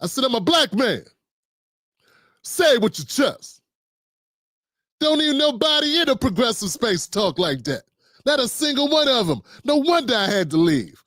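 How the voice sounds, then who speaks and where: Slangy middle-aged guy hosting his show, high voice, joking around with chat, dry close sound. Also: very animated, moderate pace, fairly bright tone, no echo. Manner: loose, playful, slangy, riffing with chat. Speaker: political talk show host. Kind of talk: casual livestream commentary.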